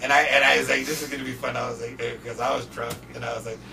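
A young man from Portland, a podcast guest, telling loose, profane stories in casual chat and shouting when he quotes people. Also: medium pitch, very fast, creaky. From Portland, Oregon. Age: young adult. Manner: loose, profane, animated storyteller who often shouts when quoting people. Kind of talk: casual storytelling. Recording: distant mic with faint noise.

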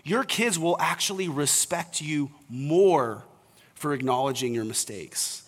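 A man's voice: on the high side, animated, a little slow. A young man preaching an earnest, conversational sermon to fathers as pastor. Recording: reverberant hall.

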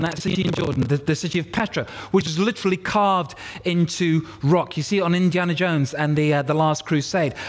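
A man preaching a sermon to a congregation, explaining scripture and having the crowd repeat words back to him. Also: high voice. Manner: expository, leads congregation call-and-response. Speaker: pastor. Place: church.

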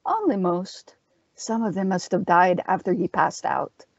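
A woman's voice: fairly low pitch, animated, measured pace, gravelly, dry recording, full character voice. A cool, waspish sorceress with a dry, sardonic way of speaking, as a woman reader voices her. Her storybook voice is muted and self-possessed. The sound is dull and dry.

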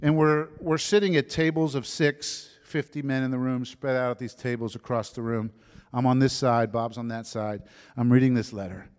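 A middle-aged man preaches a personal testimony from the front of a church. His middle-pitched voice rings with a long reverb off the hall walls. He moves between animated storytelling and hushed, whispered confession. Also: moderate pace, few pauses, clean tone. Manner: storytelling, drops to soft whispers at emotional moments. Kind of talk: sermon testimony.

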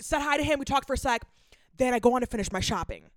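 A woman's voice: high-pitched, very fast, dry recording, studio quality. A young woman co-hosting a podcast, who is sick, tells a rambling, self-mocking story in casual chat with lots of fillers. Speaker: podcast co-host.

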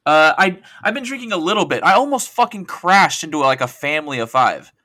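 A man's voice: fairly high pitch, animated, a little fast, sharp tone, no room sound. A man chatting as a guest on a gaming podcast, rambling and joking in a self-deprecating way. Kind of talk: casual podcast chat.

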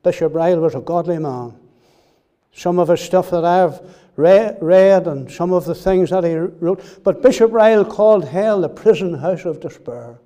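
High-voiced, mellow male preacher. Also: moderate pace. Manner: earnest, repeats key phrases for emphasis; asks the listeners direct questions. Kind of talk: sermon.

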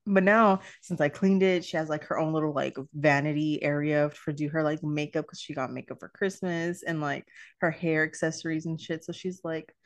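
A woman's voice: low-pitched, fairly even intonation, normal speed, few pauses, no room sound, clean studio sound. A young woman and mother in casual chat, telling stories full of fillers and quoted back-and-forth. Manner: chatty, lots of fillers and quoted dialogue.

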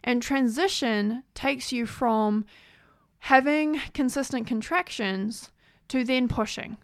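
A woman's voice: on the high side, slow, no room sound, studio quality. A woman host telling a personal story in an earnest, chatty way, often saying "like".

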